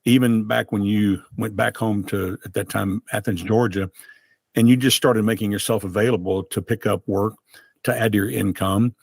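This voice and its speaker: Husky-voiced man hosting an interview. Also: lowish voice, steady tone, moderate pace, darkish tone, dry recording, studio quality. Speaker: podcast host. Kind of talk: casual interview chat.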